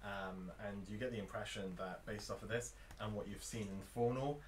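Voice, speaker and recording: A man's voice: lowish voice, fairly even intonation, normal speed, a little hiss or hum. A man running a tabletop game as game master, narrating loosely with lots of fillers.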